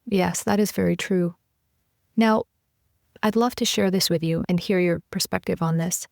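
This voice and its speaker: A woman's voice: fairly low pitch, moderate pace, vocal fry, darkish tone, no room sound, studio quality. A woman hosting a podcast interview, affirming her guest and sharing personal anecdotes. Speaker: podcast host. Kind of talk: casual interview chat.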